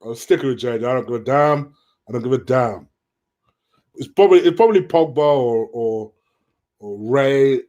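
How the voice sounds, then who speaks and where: A man's voice: medium pitch, moderate pace, long pauses, darkish tone, dull audio. A man hosting a casual live stream, reading viewers' questions aloud and answering them in a chatty way.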